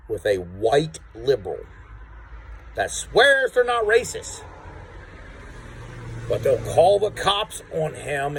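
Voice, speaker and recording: A man's voice: mid-range voice, slight background noise, low-quality recording. A man telling a rambling story to camera outdoors, repeating words and acting out what others said. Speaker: vlogger. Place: outdoors on rural property.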